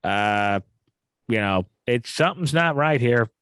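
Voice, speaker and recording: A man's voice: mid-range voice, lively intonation, measured pace, fairly bright tone, clean tone, no room sound. A man hosting a casual sports betting chat, who stops, restarts and repeats words while he steers the talk. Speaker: podcast host.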